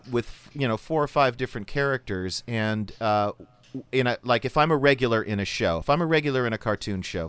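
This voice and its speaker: A man's voice: medium pitch, a bit bright, clear, resonant tone, no echo. Guy voice actor ranting on a podcast, swears a lot, keeps restarting, dry close sound. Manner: blunt, profane, rambling with restarts. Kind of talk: podcast discussion.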